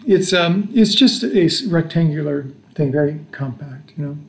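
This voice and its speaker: A man's voice: on the high side, lively intonation, normal speed, creaky. An American man in his sixties casually telling a long travel story, rambling along with restarts and chuckles. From United States. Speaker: father telling travel stories. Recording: echoey room.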